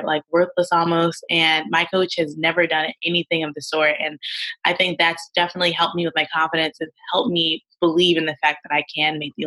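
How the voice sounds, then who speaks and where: A young woman in her twenties, a medical student and fencer, talking earnestly as a podcast guest and getting animated when she quotes others. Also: lowish voice, poor audio. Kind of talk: casual interview chat.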